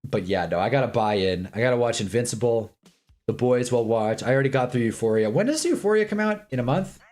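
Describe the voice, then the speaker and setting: Rambling young livestream host. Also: male voice, medium pitch, lively intonation, darkish tone, faint music behind. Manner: rambling, candid, swears and repeats himself; puts on quick voices for quoted people. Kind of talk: casual chat during a sports watch-along.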